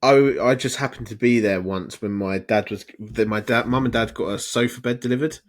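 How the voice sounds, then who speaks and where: A man's voice: medium pitch, fairly quick. A man with an English accent co-hosting a podcast, chatting casually in a mumbling, sweary banter. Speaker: podcast co-host. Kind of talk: casual chat.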